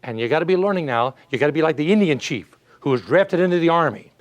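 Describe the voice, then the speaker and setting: A man's voice: a little high, lively intonation, fast. A man giving a folksy motivational speech, full of rhetorical questions and stories. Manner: emphatic, rhetorical questions, storytelling. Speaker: motivational speaker.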